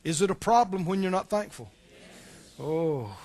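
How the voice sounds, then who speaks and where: A man with a strikingly high voice preaches to his congregation. He talks in a relaxed, conversational way, keeps asking the listeners questions, and repeats words as he restarts a thought. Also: unhurried, slight background noise. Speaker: pastor. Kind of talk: sermon.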